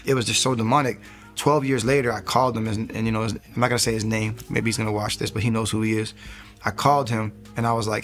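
Soft music plays behind a man in his thirties telling his faith story as an interview guest. His low-leaning, slightly bright voice is fast and flat, and he rambles earnestly, performing the lines he used to say.

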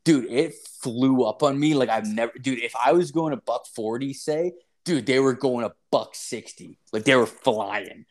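A young man retells a story in loose, profane chat, leaning on fillers and swearing at every turn. His voice sits in an ordinary middle pitch. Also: normal speed. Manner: crude, swearing constantly, filler-heavy, animated retelling.

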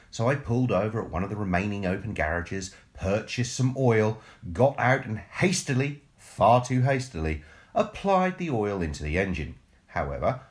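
An English man co-hosting a podcast, chatting in a wry, self-mocking way. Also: lowish voice. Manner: wry, self-mocking, mock-posh at times. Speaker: podcast co-host. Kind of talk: casual banter.

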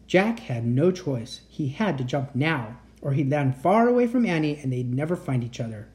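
A woman reading a children's chapter book aloud as a bedtime story, with lively storytelling. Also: moderate pace. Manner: lively storytelling, raising pitch for shouted lines. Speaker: reader.

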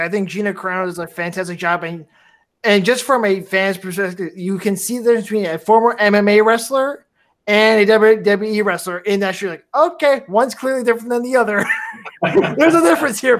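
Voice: medium pitch, fairly bright tone. Enthusiastic rambling podcast host. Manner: enthusiastic, rambling with restarts and laughs. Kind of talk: casual fan review chat.

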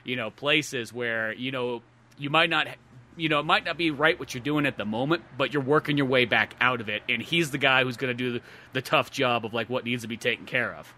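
A man co-hosting a podcast in casual chat, animated and acting out scenes in quoted voices. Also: mid-range voice, fairly quick. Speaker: podcast co-host.

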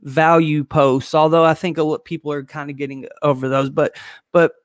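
A man coaching on online business in a casual livestream, excited and quick, with lots of fillers and restarts. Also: fairly high pitch, dry recording, clean studio sound. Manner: excited, fast talker who skips points; filler-heavy, loose and conversational.

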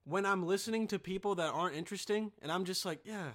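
A young man hosting a podcast in a casual, rambling monologue, profane and excitable, with sudden loud bursts. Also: high voice, quick pace. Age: young adult. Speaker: podcast host.

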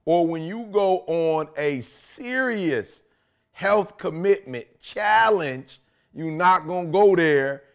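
A fairly high-voiced man co-hosts a podcast in relaxed conversation. He spins lively, slangy stories about his day. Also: takes it slowly, clean tone. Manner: animated storytelling with slang. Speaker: podcast co-host. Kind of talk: casual chat.

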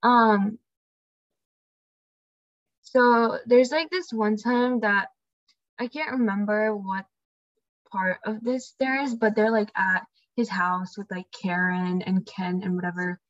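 A young woman co-hosting a book discussion chats casually and reads quotes aloud, filling gaps with lots of "um" and "like." Her mid-range voice is fairly even, slow, and full of pauses, recorded on a dry, dull lo-fi mic with no room sound.

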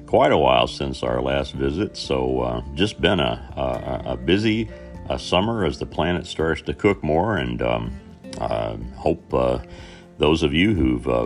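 Very deep gravelly Southern Indiana man. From Southern Indiana, USA. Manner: rambling, halting with many fillers and restarts. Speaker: podcast host. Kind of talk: casual storytelling monologue.

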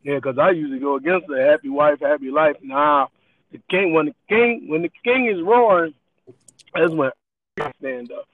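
This podcast co-host speaks in a high male voice at a moderate pace, easing loosely through a wandering story in casual conversation and laughing along the way. There's no room sound, though the line is tinny and phone-like.

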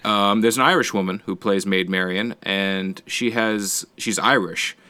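A man with a lowish voice chats loosely about a film he just saw. He rambles, swears freely and makes sound effects as he tells the story. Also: fairly even intonation, unhurried, pushed and bright, clean tone. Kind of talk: casual chat.

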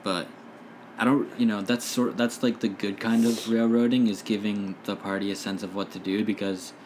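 Deep, flat-voiced man chatting. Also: normal speed, a little hiss or hum. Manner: relaxed, rambling with fillers. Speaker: dungeon master. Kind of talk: casual podcast chat.

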